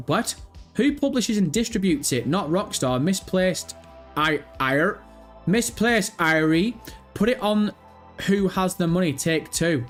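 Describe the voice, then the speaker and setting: Sweary man chatting on livestream. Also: high voice. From Britain. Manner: chatty, sweary, teasing chat readers. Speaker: livestream host. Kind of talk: casual livestream chat. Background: faint background music.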